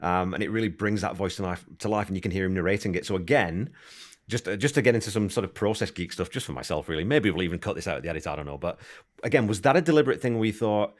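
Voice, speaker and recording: Low-voiced podcast host, chatty. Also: male voice, expressive, rapid-fire. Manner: enthusiastic, conversational, thinks aloud. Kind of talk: casual interview chat.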